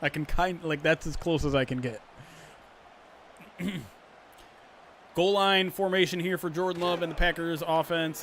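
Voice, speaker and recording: Guy streaming a football sim, calling plays with excitement and chatting with chat, a bit higher voice, faint hum behind. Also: a little slow, pauses often. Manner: animated play-by-play mixed with chatty asides to viewers; clears his throat often. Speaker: streamer doing play-by-play. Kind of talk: livestream sports play-by-play commentary.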